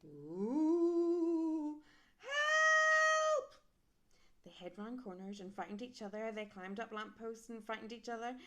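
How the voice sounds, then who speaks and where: A woman reading a children's picture book aloud, animated and adding sound effects and questions for young listeners. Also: mid-range voice, a little fast, hardly any pauses.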